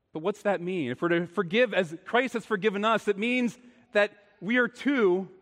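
Male pastor, slightly high voice, earnest sermon delivery, long church reverb. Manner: earnest, rising and falling between quiet and emphatic.

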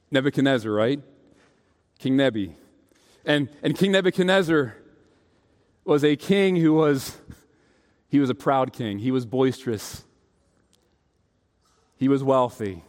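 A man preaching a sermon, telling stories in an animated way and acting out the voices of the people he quotes. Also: mid-range voice. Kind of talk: sermon with storytelling. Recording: long hall reverb.

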